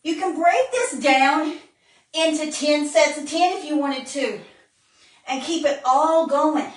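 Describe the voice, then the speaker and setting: High-voiced fitness lady a bit winded, slow talker, echoey room, away from the mic. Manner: coaching while exercising, counting reps. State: out of breath. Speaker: fitness instructor. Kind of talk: live workout demonstration. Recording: roomy, distant phone-camera sound.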